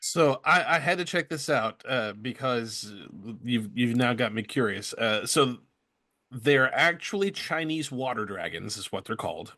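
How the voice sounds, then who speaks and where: Bright-voiced man musing on a podcast. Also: mid-range voice, lively intonation. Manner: thoughtful, measured, with frequent hesitations. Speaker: podcast guest. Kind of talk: casual podcast discussion. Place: studio.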